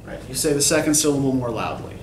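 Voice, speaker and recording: A man's voice: mid-range voice, expressive, fast. A man teaching a college poetry class, explaining with a habitual "right?" to his students. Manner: explanatory, often checks in with "right?". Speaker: college English instructor. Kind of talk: classroom lecture. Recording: echoey classroom from far off, faint noise.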